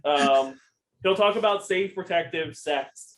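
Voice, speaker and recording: A man's voice: on the high side, measured pace, a bit bright, low-quality recording. Rambling, profane young man. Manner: rambling, profane, with many ums. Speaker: podcast co-host. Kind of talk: casual chat.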